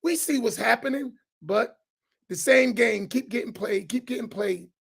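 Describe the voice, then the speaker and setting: A man, preaching to an audience on a roundtable. He is loud and challenging, and he repeats phrases for emphasis. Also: very high voice, normal speed, vocal fry, slightly rough. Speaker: imam on a roundtable.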